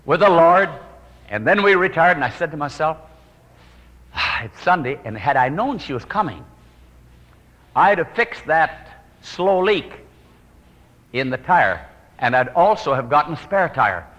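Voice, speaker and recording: Man preaching, earnest storyteller, bright voice, hushed prayerful asides, echoing hall. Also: fairly high pitch, big pitch swings, unhurried, pauses often, highs cut off. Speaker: evangelist. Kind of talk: sermon storytelling.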